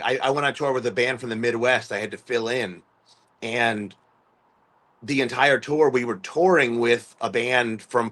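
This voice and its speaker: He's a rambling musician from the US East Coast, speaking as a guest in a mid-range, somewhat bright voice. His casual conversational storytelling is full of fillers and restarts, with quoted voices acted out.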